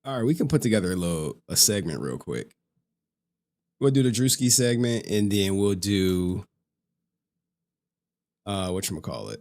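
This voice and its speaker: Man, low voice, casual livestream host, rambling, laughing. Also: lively intonation, moderate pace, long pauses, darkish tone. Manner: rambling, laughs often, talks to chat. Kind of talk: casual stream chat.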